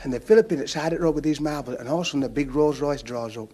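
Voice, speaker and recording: A chatty stand-up comic with a strong dialect laughs through his own tales on a comedy stage. He talks at a racing pace in a mellow voice that leans high.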